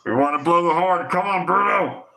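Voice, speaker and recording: A man hosting a football watch-along, reacting live with excitable shouting and frequent swearing. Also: high voice, normal speed, gravelly.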